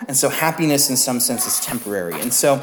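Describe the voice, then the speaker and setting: A young adult male pastor giving a sermon in a relaxed, conversational way, with fillers, asides and jokes. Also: mid-range voice, fast, a little hiss or hum. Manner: conversational, self-deprecating, many fillers and asides. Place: church sanctuary. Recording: roomy church echo.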